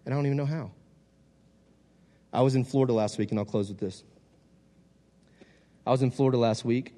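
A young man preaching a sermon. He moves from loud exhortation to quiet, casual storytelling. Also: mid-range voice. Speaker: youth preacher. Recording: long hall reverb.

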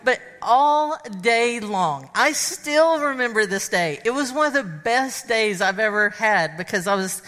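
A woman speaker telling a funny personal story to an audience of women, animated and acting out the dialogue. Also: on the high side, unhurried, few pauses. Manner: animated, acts out dialogue and sound effects. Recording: long hall reverb.

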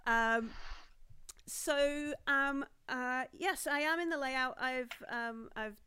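A woman's voice: high voice, takes it slowly, pushed and bright, a little hiss or hum. A woman hosting and running a live tabletop role-playing game, chatty and full of fillers and laughs. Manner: chatty, laughing, lots of ums. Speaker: game master.

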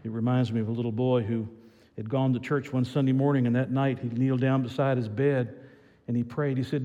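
A man preaching a sermon as pastor, swinging from loud excited build-ups to quiet earnest passages. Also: mid-range voice, fairly quick, big-room sound, dull audio.

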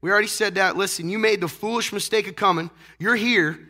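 A hoarse, congested man preaching a casual sermon to a church congregation, teasing the crowd and asking rhetorical questions. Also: high voice, fast talker, pushed and bright. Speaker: pastor. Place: church sanctuary.

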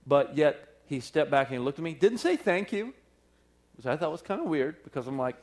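A man preaching, telling a personal story in a sermon with lively acted-out quotes and frequent laughter. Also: fairly high pitch, fairly quick, slight background noise. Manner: animated storyteller, acts out quotes, laughs often. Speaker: pastor. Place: church service.

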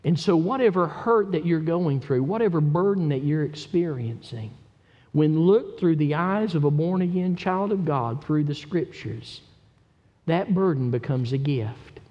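A high-pitched man delivering a sermon from a church pulpit. He moves between steady Scripture teaching and impassioned, emphatic exhortation. His voice carries a long reverb from the sanctuary. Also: a little slow, highs cut off. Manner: impassioned, rising to loud emphatic preaching. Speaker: pastor.

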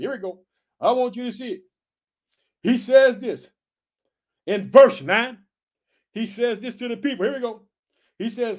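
Fired-up preacher, male, high-pitched and exclamatory. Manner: animated, exclaims hallelujah, addresses listeners as family. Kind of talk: energetic sermon reading scripture.

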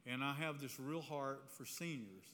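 Animated preaching man in a hall. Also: mid-range voice, moderate pace. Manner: animated, conversational preaching with frequent "right?". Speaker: speaker giving a testimony. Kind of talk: sermon-style testimony storytelling. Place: church hall with a live audience. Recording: reverberant hall, faint room noise.

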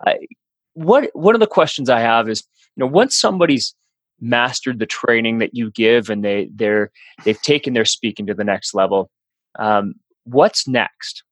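Male podcast host, polite, measured questions, dry recording. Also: medium pitch, lively intonation, fairly bright tone, dry recording. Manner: polite, measured, halting with fillers. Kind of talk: interview questions.

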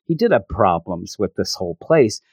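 A man talks through a comic book issue in a loose, rambling recap. His pitch moves a lot as he goes, and the sound is dry and close. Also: moderate pace, breathy edge, dry recording. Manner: rambling, animated. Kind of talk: casual recap.

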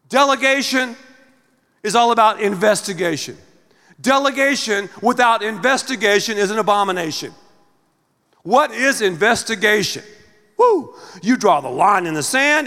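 Middle-aged male pastor, theatrical sermon delivery, bright lively voice, long hall reverb. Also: high voice. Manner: animated, theatrical, acts out scenes with big swings in loudness.

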